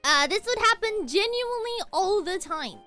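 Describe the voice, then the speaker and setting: Chatty high-voiced young woman streamer. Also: normal speed, faint music behind. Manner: chatty, rambling, animated with laughs and squeals. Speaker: streamer playing a game. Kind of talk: casual gaming stream chat.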